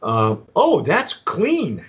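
A man's voice: a little high, huge pitch swings, muffled recording. A man hosting a casual tequila tasting chat, rambling and restarting often. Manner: rambling, halting, with many restarts and fillers. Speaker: tequila review host.

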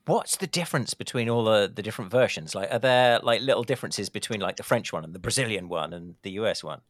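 A man with an ordinary mid-range voice and a dry, close sound asks questions and slips in teasing jokes. He sounds relaxed and curious, steering the conversation. Nothing about his delivery is showy. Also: lowish voice, quick pace, dry recording. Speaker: podcast co-host. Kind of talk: casual chat.

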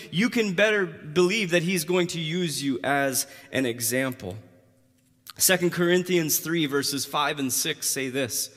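A male pastor preaching a conversational sermon that rises to emphatic, loud passages. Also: medium pitch. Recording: long hall reverb.

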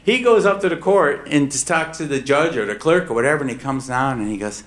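A middle-aged man telling a personal true story on stage, emphatic and swinging between hushed and heated. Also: medium pitch, expressive, fast talker, few pauses, slight background noise.

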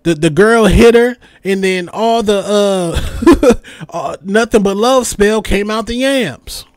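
A man's voice: sits high, slow pace, no room sound. A young man hosting a podcast, delivering a comedic rant with repeated catchphrases and mimicked voices. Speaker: podcast host.

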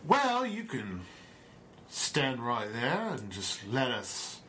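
A man's voice: medium pitch, huge pitch swings, sharp tone, slight background noise, full character voice. A man doing a smug, taunting bandit. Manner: slow, taunting, drawled. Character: smug, menacing male bandit. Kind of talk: tabletop role-play.

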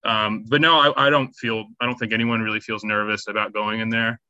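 A man's voice: fairly low pitch, flat delivery, brisk, bright, forceful tone, dry recording, highs cut off. A man answering interview questions about volunteer work, hesitant, with many ums and restarts. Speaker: charity volunteer.

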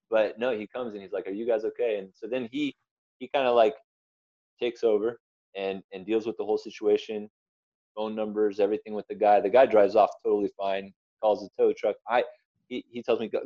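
A man's voice: lowish voice, dark tone, dry recording, dull audio. A young man giving an earnest, rambling personal testimony as an interview guest. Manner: earnest, rambling storyteller with restarts.

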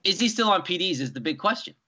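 A young man, co-hosting a casual sports chat, animated and rambling. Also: high voice, fast talker, breathy edge. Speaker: co-host. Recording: dull lo-fi sound.

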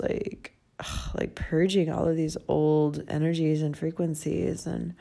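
A woman's voice: low voice, vocal fry, mellow. A young woman talking candidly in a personal travel vlog, emotional and tearful, laughing through tears and swearing casually. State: crying. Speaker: travel vlogger.

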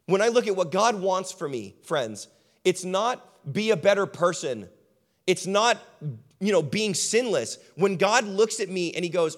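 Man preaching, emphatic, repeats lists, dips low and soft for stress, slightly higher voice. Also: expressive, measured pace, long reverb tail. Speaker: pastor. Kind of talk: sermon.

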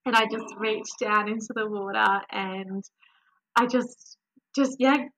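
A young woman, a podcast guest, telling her birth story in a warm, animated, emotional way. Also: mid-range voice, slow pace, rough recording.

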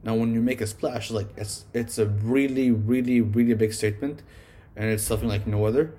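A man's voice: mid-range voice, steady tone, brisk, warm tone, breathy edge. A man casually reviewing his favorite songs, rambling and swearing, filling his talk with "like". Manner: rambling, swearing, heavy use of "like". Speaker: music reviewer.

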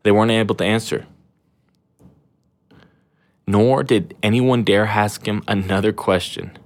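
A man's voice: fairly low pitch, fairly even intonation, a little slow. A young man hosting a podcast in casual chat, rambling and slangy with lots of fillers and restarts, irreverent and self-deprecating. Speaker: podcast host.

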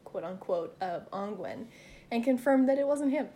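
A woman's voice: a little high, animated, warm tone, a little hiss or hum. A woman co-hosting a casual true-crime podcast, telling the story in a chatty way and laughing often. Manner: fast, chatty storytelling with fillers. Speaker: podcast co-host.

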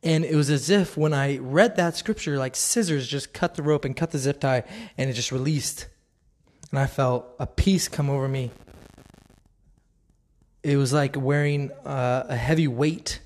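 A man's voice: medium pitch, normal speed, darkish tone. A man giving a casual devotional talk, earnest and conversational, often laughing. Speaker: Christian speaker.

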